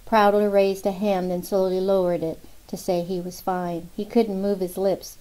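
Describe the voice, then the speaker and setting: A woman narrating a novel in a steady, even storytelling manner. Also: medium pitch, moderate pace, low-quality recording. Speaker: audiobook narrator. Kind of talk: scripted narration.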